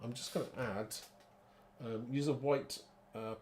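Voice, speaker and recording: A man's voice: medium pitch, fairly even intonation, a little slow, a little hiss or hum. A man hosting a live card-making demo, chatty and rambling, thinking aloud and laughing at his own muddles.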